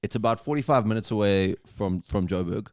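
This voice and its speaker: A man with a South African accent co-hosting a podcast, relaxed and chatting with dry wit. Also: on the low side, a little fast, no room sound. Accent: South African English. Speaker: podcast co-host. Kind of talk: casual chat.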